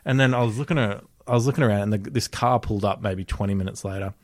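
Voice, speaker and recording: A young Australian man telling a story in casual chat, animated, swearing often and laughing as he talks. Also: lowish voice, fast, no echo, clean studio sound.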